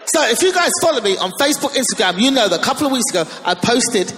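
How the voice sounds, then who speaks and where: A woman's voice: on the high side, sing-song. Woman comic in a reverberant hall. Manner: brisk, confessional, self-mocking. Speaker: stand-up comedian. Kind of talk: stand-up routine. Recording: long reverb of a large hall, faint noise.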